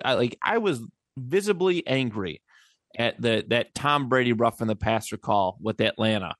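A man's voice: mid-range voice, brisk, fairly bright tone, no echo, clean studio sound. A man co-hosting a sports podcast, telling stories in a rambling, profane way. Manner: rambling, profane storytelling with restarts. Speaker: podcast co-host. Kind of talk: casual sports chat.

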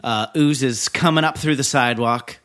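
A man with a bright, forceful voice co-hosts a casual podcast. He recaps a movie in a relaxed, hesitant way, full of little fillers and restarts. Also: medium pitch, moderate pace. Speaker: podcast co-host.

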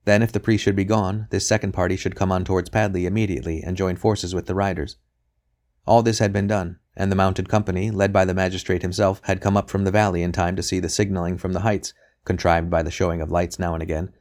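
Deep-voiced guy reading a novel aloud, steady and measured. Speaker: audiobook narrator. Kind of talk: scripted narration.

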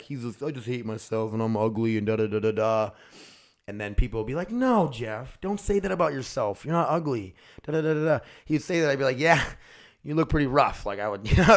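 A young man hosting his own solo podcast, talking in a loose, excitable, rambling way and swearing casually. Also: mid-range voice. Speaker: podcast host.

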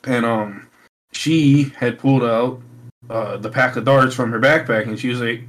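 A man's voice: mid-range voice, fairly even intonation, normal speed, a bit bright, poor audio. A young man on a podcast, laughing often and telling a casual story. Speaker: podcast co-host. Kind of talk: casual chat.

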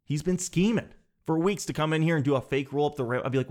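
Man, higher pitch, comic storytelling, animated, sarcastic. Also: fast.

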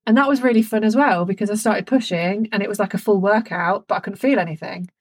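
A woman's voice: medium pitch, fast talker, husky, no room sound. A woman co-hosting a podcast, telling a story candidly and with energy, swearing freely. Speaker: podcast co-host. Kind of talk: frank casual chat.

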